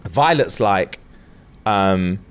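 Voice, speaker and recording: A man's voice: low-pitched, extremely slow, clean tone. Young man retelling a story. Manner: animated retelling, acting out characters' lines with slang and swearing. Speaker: podcast co-host. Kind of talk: casual storytelling chat.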